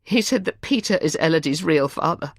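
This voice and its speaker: A woman voicing a heartbroken young man in an audiobook, speaking in a hushed, choked, halting way. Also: fairly high pitch, expressive, vocal fry, no echo, studio quality. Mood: distraught. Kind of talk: audiobook character voice.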